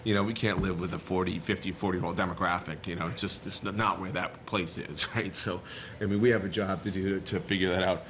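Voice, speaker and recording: A man from Boston with a Boston accent, a board member speaking in a meeting, animated and full of restarts. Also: low voice, fast, slight background noise. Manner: animated, rambling, frequent restarts.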